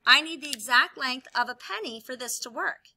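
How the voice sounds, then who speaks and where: A woman teacher explaining a lesson while she demonstrates with objects, upbeat and clear. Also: sits high, lively intonation, moderate pace, sharp tone, slight background noise. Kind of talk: classroom video lesson.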